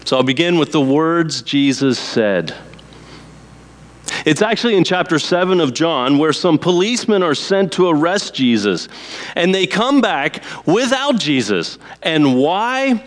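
A man who is a pastor, preaching a sermon in a slow, deliberate way with emphatic pauses. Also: fairly high pitch, lively intonation.

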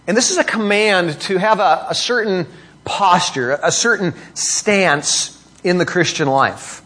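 A middle-aged man preaching a sermon, reading scripture and explaining it with rhetorical questions and pitch that rises for emphasis. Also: unhurried, bright, forceful tone. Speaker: pastor.

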